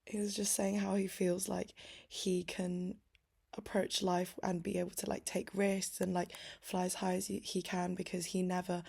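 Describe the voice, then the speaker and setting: A woman's voice: on the low side, flat delivery, moderate pace, creaky, darkish tone, slightly rough. A young woman talking late at night into her laptop mic, chatty and teary, laughing often and saying "like" a lot. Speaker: vlogger. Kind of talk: late-night diary vlog.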